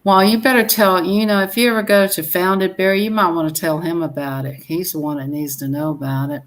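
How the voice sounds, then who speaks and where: A woman with a Southern US accent hosting a casual live stream, chatty and quick to laugh as she reads out viewers' comments. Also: fairly low pitch, fairly even intonation, poor audio.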